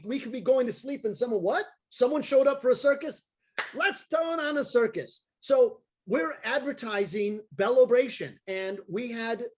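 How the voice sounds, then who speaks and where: A man, a circus clown and daredevil, telling an animated story on a video call and acting out the voices of the people in it. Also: high voice. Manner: excitable, acts out voices of people in his stories.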